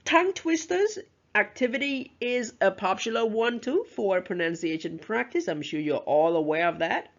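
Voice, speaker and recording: Gravelly-voiced teacher, lively delivery. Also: mid-range voice, moderate pace, lo-fi sound. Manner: explanatory, modelling words aloud, self-correcting. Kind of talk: recorded lecture explaining pronunciation.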